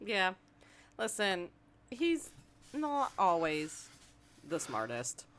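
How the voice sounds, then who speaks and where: A woman guest on a podcast, chatting casually about a cartoon in a relaxed way. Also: lowish voice, very slow, slight background noise. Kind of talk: casual chat recapping a cartoon.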